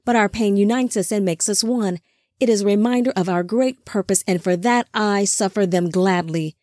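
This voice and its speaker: A woman's voice: mid-range voice, moderate pace, darkish tone, no echo, studio quality, lightly acted. A woman reading the part of a smug, cruel male angel leader who mocks and commands his soldiers. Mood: rousing. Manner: mocking, commanding.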